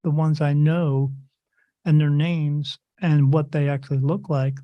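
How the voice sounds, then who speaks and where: A man's voice: on the high side, a little slow, dry recording. Storytelling man with a dull, dry sound. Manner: animated storyteller who acts out the voices of others in his stories; rambling, with frequent restarts. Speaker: podcast guest, spirit medium. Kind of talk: casual interview chat.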